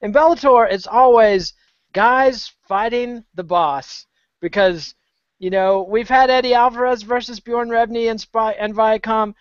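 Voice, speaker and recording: A man's voice: very high voice, measured pace, clear, resonant tone, no echo. A man co-hosting a casual talk show, trading wry, profane banter. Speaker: podcast co-host. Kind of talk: casual chat. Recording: dry, dull lo-fi sound.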